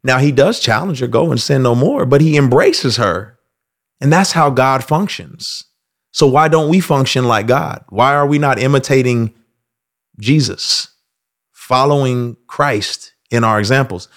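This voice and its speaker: A man hosting a casual commentary monologue, animated, acting out quoted voices with loud outbursts. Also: medium pitch, a little slow. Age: adult. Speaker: host.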